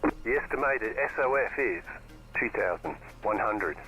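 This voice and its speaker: A man voices a composed male race engineer speaking over team radio. His updates are flat and matter-of-fact, and his voice is low. Faint music runs in the background. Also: a little slow, rough recording. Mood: calm.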